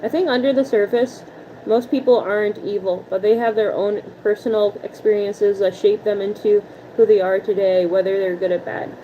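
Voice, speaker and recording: A woman's voice: mid-range voice, fairly even intonation, moderate pace, warm tone, highs cut off, a little hiss or hum. A woman hosting a livestream in casual chat, responding to viewer messages aloud in a playful manner and laughing often.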